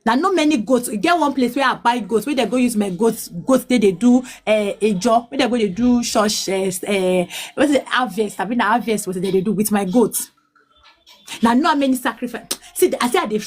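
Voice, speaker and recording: A Nigerian woman in her late thirties, mixing English and Pidgin, telling her life story as a mother in a pleading, halting way. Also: a little high. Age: 30s. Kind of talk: emotional personal testimony.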